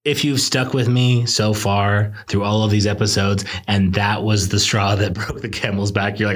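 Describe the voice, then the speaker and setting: A man's voice: on the low side, steady tone, a little slow. A young man, a law student, hosting a casual solo podcast, talking in a rambling, reflective and self-deprecating way. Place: indoors late at night.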